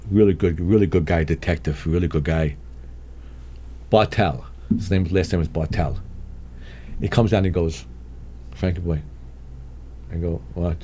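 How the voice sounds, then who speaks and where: An older man, telling street stories as a guest in a casual chat, acting out the voices of the people in them. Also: deep voice. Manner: animated, acts out voices in his anecdotes, chuckles often. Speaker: guest storyteller. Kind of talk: casual storytelling.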